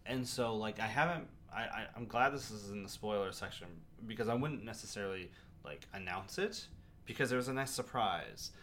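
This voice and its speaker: A man co-hosting a casual movie podcast, measured and fact-checking, with frequent ums and restarts. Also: lowish voice, lively intonation, fairly bright tone, slight background noise. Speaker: podcast co-host. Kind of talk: casual movie review chat.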